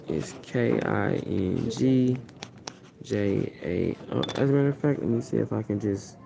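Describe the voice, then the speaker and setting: Male street preacher, rambling and repetitive, mellow voice, phone mic on a plane, faint hum. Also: medium pitch, vocal fry. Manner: repetitive, keeps asking "you see what I'm saying". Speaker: self-styled high priest preaching online. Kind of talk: rambling live-streamed preaching. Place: airplane cabin.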